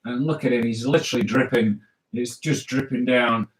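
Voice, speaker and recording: A man's voice: medium pitch, steady tone, moderate pace, rough recording. A man hosting a live drawing show, joking and chatting as he draws requests from viewers. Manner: playful, jokey, chatty running commentary. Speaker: cartoonist host. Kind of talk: live drawing stream for kids.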